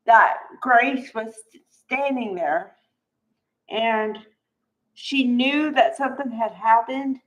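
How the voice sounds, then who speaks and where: A woman's voice: fairly high pitch, muffled recording. A woman recapping a soap opera in a casual, chatty way, acting out quotes and stopping often with "okay". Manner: chatty, acts out quotes, many okays and asides.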